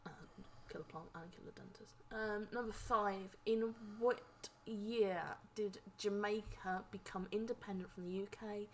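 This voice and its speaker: A woman's voice: medium pitch, fairly even intonation, slight background noise, low-quality recording. A woman hosting a casual family quiz video at home, reading the questions aloud and tripping over hard names. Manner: reads slowly, stumbles over hard names.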